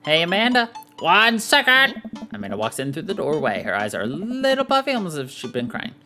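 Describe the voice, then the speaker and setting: Animated, playful game streamer. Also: mid-range voice, quick pace. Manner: playful, reading narration with jokey asides. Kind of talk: reading and playing a dating sim aloud. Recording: faint background music.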